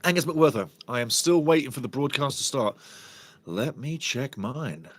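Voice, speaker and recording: A man's voice: medium pitch, animated, normal speed. Chatty man hosting a football stream. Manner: chatty, reads viewer comments aloud, coughs and laughs. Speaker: football watch-along host. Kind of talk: live stream chat and match talk.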